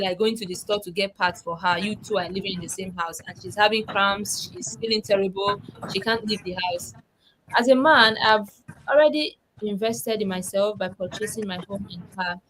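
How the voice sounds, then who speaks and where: A woman's voice: mid-range voice, fairly bright tone, slight background noise, low-quality recording. A woman hosting a casual livestream, reading comments aloud and laughing often on a video-call mic. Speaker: livestream host.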